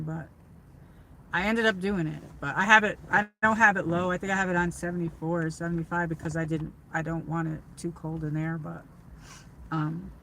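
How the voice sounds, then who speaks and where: A woman's voice: on the low side, pushed and bright, a little hiss or hum, rough recording. A woman from upstate New York chatting casually to her livestream viewers from her car, rambling with lots of fillers and restarts. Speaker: livestream host.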